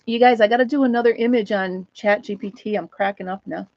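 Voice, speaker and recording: A woman's voice: mid-range voice, fairly even intonation, fast talker, highs cut off. A woman hosting a casual live chat from home, laughing often and talking to viewers and her dog. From United States. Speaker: host of a live chat stream.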